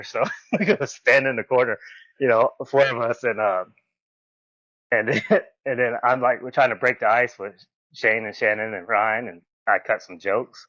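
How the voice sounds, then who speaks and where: A man, a podcast guest telling stories in a casual interview. He is animated, acts out quoted lines in a raised voice and laughs often. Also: medium pitch, normal speed, no room sound. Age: 40s. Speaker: podcast guest, former wrestler. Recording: dull, slightly muffled audio.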